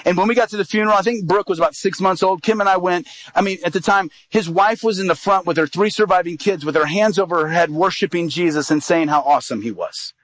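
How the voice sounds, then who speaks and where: A man's voice: high voice, fast, hardly any pauses, a bit bright, dry recording, low-quality recording. A man in his thirties, an evangelist, preaching through a personal story and acting out the quoted dialogue. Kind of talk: sermon storytelling.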